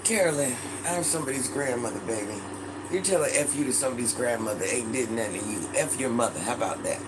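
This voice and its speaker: A man's voice: medium pitch, animated, fast talker. A man live-streaming and reading viewer comments in casual chat, sassy, calling viewers baby and repeating himself, a little stuffy from allergies. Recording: loud background noise, air conditioner hum.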